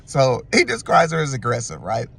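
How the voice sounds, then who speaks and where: A man giving a casual, animated and slangy recap of a reality show. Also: mid-range voice, fairly quick, gravelly, breathy edge. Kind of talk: casual commentary.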